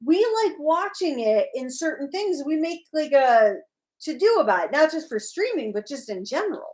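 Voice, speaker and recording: Woman, high voice, very lively pitch, casual livestream co-host, teasing. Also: moderate pace. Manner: animated and teasing.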